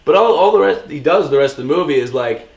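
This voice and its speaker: A young man co-hosting a podcast, chatting casually and excitedly about a movie, quick and jokey. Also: on the high side, reverberant. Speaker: podcast co-host. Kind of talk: casual chat.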